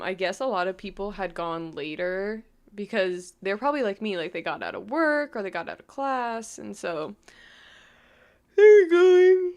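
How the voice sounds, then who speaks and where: A young woman from New York vlogging casually, rambling with lots of "like" and frequent laughs. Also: medium pitch. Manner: rambling, full of "like", laughs often. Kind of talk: casual storytime chat.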